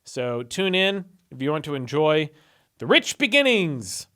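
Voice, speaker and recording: A man's voice: a little high, very animated, unhurried, sharp tone. A young man hosting a video, casually retelling Bible stories with irreverent, sarcastic asides. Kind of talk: casual commentary.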